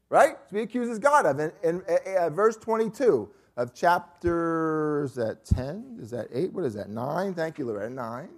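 A man leads a Bible class in a lively, swooping voice that rises and falls freely. His pitch sits a little high for a man. He talks emphatically and keeps checking in with the group as he teaches. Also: unhurried, few pauses.

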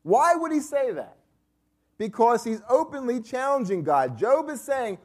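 A man's voice: high-pitched, sing-song, normal speed. A man teaching a Bible study class, emphatic and repeatedly checking in with his listeners.

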